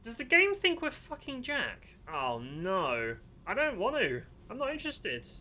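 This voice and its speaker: A male game streamer with a high, bright voice, chatting casually over his gameplay. His pitch swings all over the place as he jokes and grumbles in exasperation. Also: unhurried, slight background noise. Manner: animated, exasperated and joking. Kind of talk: casual gaming commentary.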